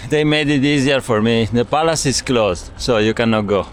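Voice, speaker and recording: A man's voice: mid-range voice, normal speed, slight background noise. Grumbling man with an Italian accent. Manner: grumbling, swearing, talking to camera. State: hot and tired. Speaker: cycling vlogger. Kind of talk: casual travel vlog. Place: outdoors at ruins.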